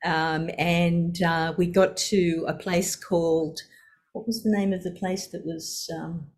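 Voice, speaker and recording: A woman's voice: fairly low pitch, little pitch movement, slow pace, slight background noise. An older woman sharing a personal story, laughing often and acting out the voices in her quotes.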